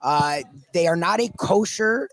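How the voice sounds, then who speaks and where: A male co-host with a fairly high voice banters at a food market, reading out viewer questions and teasing his partner. The sound is close and dry, with little room around it. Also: expressive, unhurried, fairly bright tone, dry recording. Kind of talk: casual food chat.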